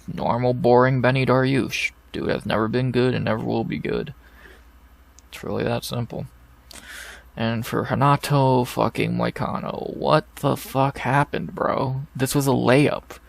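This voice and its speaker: A man's voice: mid-range voice, measured pace, gravelly, no echo. A man hosting a casual fight recap, blunt and profane, ranting in exasperation into a desk microphone. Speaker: MMA podcast host.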